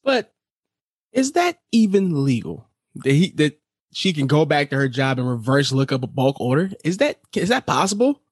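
A man on a relaxed podcast who answers with brief reactions and slips in wry asides. His voice sits a bit higher than most men's. He talks in an easy, conversational way. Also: normal speed, slightly rough. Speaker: podcast co-host. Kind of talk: casual chat.

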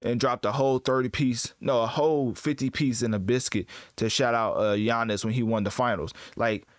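A man giving casual commentary as host, rambling and correcting himself in relaxed slang. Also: medium pitch, moderate pace, no room sound. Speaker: host ranking rappers.

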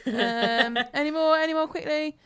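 A woman co-hosting a podcast, teasing and giggling through casual banter. Her voice sits a little high, with a very bright, forward edge. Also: moderate pace, dry recording, studio quality. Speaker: podcast co-host. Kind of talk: casual chat.

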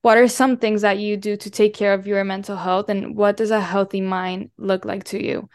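A woman's voice: mid-range voice, little pitch movement, moderate pace, no room sound, clean studio sound. A young woman hosting a podcast, talking earnestly and asking long multi-part questions. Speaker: podcast host. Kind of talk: casual interview chat.

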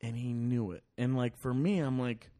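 A man's voice: mid-range voice, fairly even intonation, moderate pace, mellow. Profane rambling storyteller man. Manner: profane, rambling with restarts and acted-out quotes. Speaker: podcast guest. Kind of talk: casual storytelling.

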